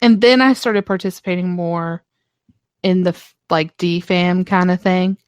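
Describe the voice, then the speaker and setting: A woman's voice: on the low side, steady tone, measured pace, clear, resonant tone, dry recording. A woman in her twenties co-hosting a podcast, chatting casually, swearing often and acting out her past self. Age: 20s. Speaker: podcast co-host. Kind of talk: casual chat.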